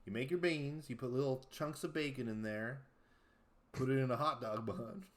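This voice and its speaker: Guy doing a folksy cowboy singer, drawly, touchy, kinda proud, normal pitch. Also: natural voice. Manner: drawling, easily offended, quick to calm down. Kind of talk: improv comedy character.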